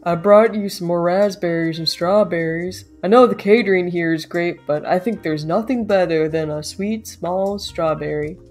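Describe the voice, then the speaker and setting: A sweet, humble rat suitor from a game, speaking softly and earnestly, as a woman reads him. The tone is a little low, with faint music in the background. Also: normal speed, hardly any pauses, lightly acted. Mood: tender.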